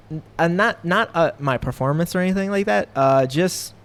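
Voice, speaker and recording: Here a young professional MMA fighter, appearing as a podcast guest, talks in a loose, rambling way packed with fillers and false starts. His voice is a little high and slightly bright, at normal speed.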